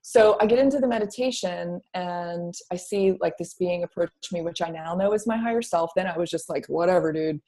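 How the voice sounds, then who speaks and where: A woman's voice: on the low side, a little fast, few pauses. Woman telling a candid spiritual story. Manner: animated, quotes her own past thoughts, casual swearing; repeats words, many fillers. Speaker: guest telling her story.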